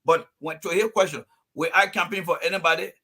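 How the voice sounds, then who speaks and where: A man's voice: high voice, fairly even intonation, a little fast, sharp tone. A man from Liberia speaking on a call-in panel show, making his points emphatically and laying them out in numbered phases. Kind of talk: heated call-in panel talk.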